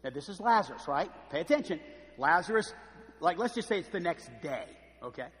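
A man preaching a sermon, telling lively stories and acting out the voices of the people in them. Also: fairly high pitch, fairly quick, long reverb tail. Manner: animated storytelling, acts out voices. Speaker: pastor. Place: church.

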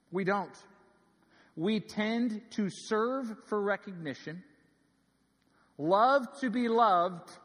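A man in his thirties preaching a sermon, telling stories earnestly and swinging from ringing emphasis to hushed asides, in a large church sanctuary. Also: sits high. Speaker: pastor. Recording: long reverb of a large hall.

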